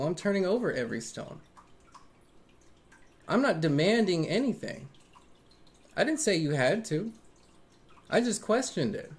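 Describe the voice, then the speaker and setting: Earnest, defensive live-stream tarot reader. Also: medium pitch. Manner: earnest, defensive, repeats phrases for emphasis; frequent fillers like "right?" and "man". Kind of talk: casual live-stream talk to viewers.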